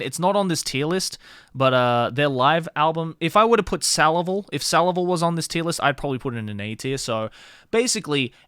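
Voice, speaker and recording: A man's voice: a little high, a bit bright, smooth, dry recording, clean studio sound. A young man streaming casually, rambling about music with lots of fillers and casual swearing. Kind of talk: casual livestream chat.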